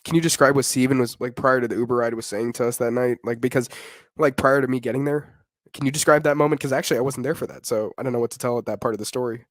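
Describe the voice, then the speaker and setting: A young man co-hosting a podcast, telling a rowdy story in casual slang, animated and laughing often. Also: mid-range voice, fast talker, no echo, clean studio sound. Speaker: podcast co-host.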